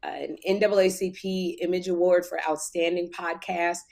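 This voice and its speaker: A woman co-hosting a podcast in casual chat, telling stories with laughter and loud bursts when she retells scenes. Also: on the low side, normal speed, creaky. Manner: animated, laughing storyteller who gets loud in retellings. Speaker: podcast co-host.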